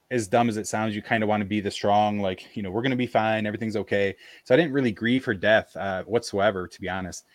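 A man telling a personal story in casual conversation, halting and full of fillers and restarts, on a video call. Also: fairly low pitch, no room sound. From American South, Appalachia. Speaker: podcast guest.

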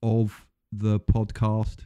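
A man co-hosting a podcast chats casually, rambling and correcting himself as he goes. His voice is fairly low and dark in tone, delivered completely flat and very slowly.

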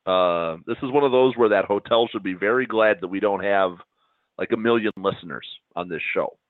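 A man's voice: lowish voice, fairly quick, dry recording. Dry-humored man, phone-like audio. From central Wisconsin. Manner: dry, wry joking. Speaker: podcast co-host. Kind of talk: casual chat. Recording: tinny phone-like sound, dry.

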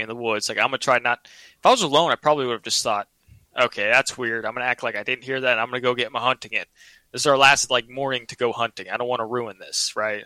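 A man's voice: medium pitch, pushed and bright, no room sound, low-quality recording. A man telling a personal story in a casual, earnest, rambling way, often restarting his sentences.

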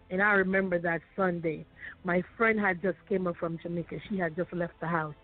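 A woman sharing a painful personal testimony as a guest, halting and repeating her phrases. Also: lowish voice, fairly even intonation. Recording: tinny phone line, faint music.

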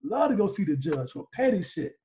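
A man co-hosting a podcast, telling stories in loud, profane, animated banter. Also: high-pitched, fairly quick, muffled recording. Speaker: podcast co-host.

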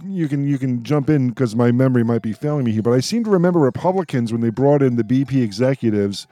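A man hosting a talk show, asking questions in a halting, stammering way. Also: medium pitch, animated, dark tone, no echo. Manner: halting, stammering, laughs between thoughts. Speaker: radio host. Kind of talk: casual political talk.

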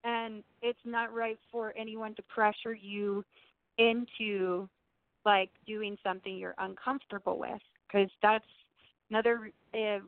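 A woman's voice: mid-range voice, level tone, a little slow, no room sound, narrow, tinny audio. A woman guest talking casually and earnestly, with many restarts and fillers, over a remote call. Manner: chatty, earnest, with frequent "like" and restarts. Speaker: guest medium. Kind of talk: casual chat.

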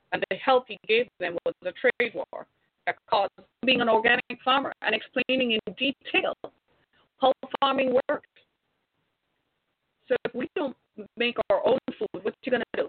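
A woman commentator with a somewhat high, husky voice speaks at a normal speed directly to viewers. Her monologue is impassioned, preachy and exhorting, packed with rhetorical questions, and the sound is tinny, like a phone.

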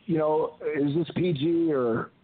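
A man's voice: a little high, unhurried, slightly rough, no room sound. Older man telling stories over a phone line. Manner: rambling anecdotes with frequent restarts. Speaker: guest, retired wrestler. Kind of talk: phone interview storytelling. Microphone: telephone.

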